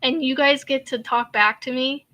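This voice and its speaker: A woman's voice: sits high, fairly even intonation, normal speed, pushed and bright. A woman, hosting a casual crochet live chat in a rambling, hesitant way with many fillers and sighs. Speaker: crochet channel host.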